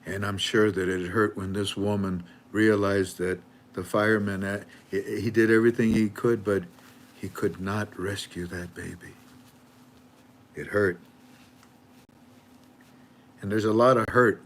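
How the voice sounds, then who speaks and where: Older male host, low voice, halting heartfelt storyteller who ends on a blessing. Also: fairly even intonation, slight background noise. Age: 70s. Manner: halting, repeats words while searching for them. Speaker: channel host. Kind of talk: heartfelt storytelling with a religious close.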